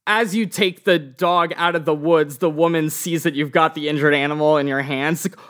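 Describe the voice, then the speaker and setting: A man's voice: fairly high pitch, steady tone, a bit bright. Man as a laid-back game master narrating a tabletop game. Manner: casual, halting with fillers.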